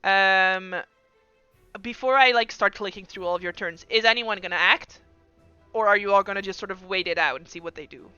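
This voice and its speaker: A woman's voice: medium pitch, moderate pace, sharp tone, smooth, no room sound, faint music behind. A woman narrating as game master in a loose, giggly way with lots of fillers. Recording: slightly muffled dry recording.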